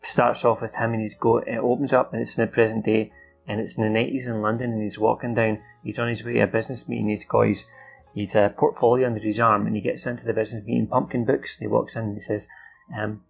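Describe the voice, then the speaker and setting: A man's voice: lowish voice, little pitch movement, quick pace, vocal fry, soft background music. A man recalling a film from memory in a loose, rambling way, with many fillers, restarts and some swearing. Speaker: film recap host. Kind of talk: casual off-the-cuff recap.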